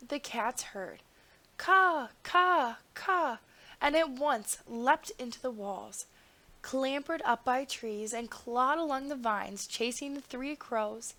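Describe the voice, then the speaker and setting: A woman narrating a fairy tale in an unhurried, expressive storybook style. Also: a little high.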